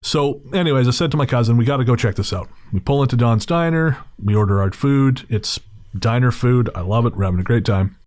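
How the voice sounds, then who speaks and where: A man hosting a podcast, telling a long story in a relaxed, digressive way and correcting himself as he goes. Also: mid-range voice, fairly quick, dry recording, studio quality. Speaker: podcast host. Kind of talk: casual storytelling.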